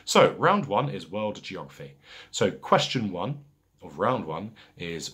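A man hosting a casual pub quiz, reading each question twice, slowly and deliberately, with chatty asides between rounds. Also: low voice, very animated, a bit bright, slightly rough.

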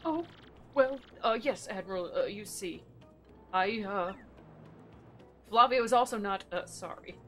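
A woman's voice: medium pitch, animated, a little slow, pauses often, fairly bright tone, soft background music. A woman voicing a pompous, cowardly male merchant in a video game, grandiose and fussy. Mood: flustered. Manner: grandiose, fussy, self-pitying. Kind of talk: reading game dialogue aloud in voices.

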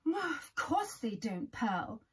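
Woman putting on a know-it-all wooden doll girl, storybook voice, a little high. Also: big pitch swings, slow pace, husky, full character voice. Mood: matter-of-fact. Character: small bossy knowing wooden girl doll.

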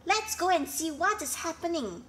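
A woman voicing Pig, a lively young pig in a storybook who is eager to help. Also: very high voice, moderate pace, slight background noise, pitched above the performer's own voice.

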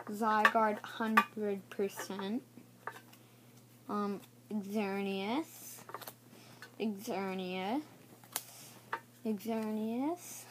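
Slow, hesitant woman with kitchen clatter. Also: mid-range voice, background noise. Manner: hesitant, stumbles over names and repeats them. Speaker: video creator. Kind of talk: casual gaming commentary.

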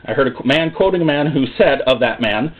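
Dramatic preacher man with a husky voice. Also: mid-range voice, brisk. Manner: dramatic, lively, acts out voices. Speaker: pastor. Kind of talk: sermon. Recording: tinny phone-like sound.

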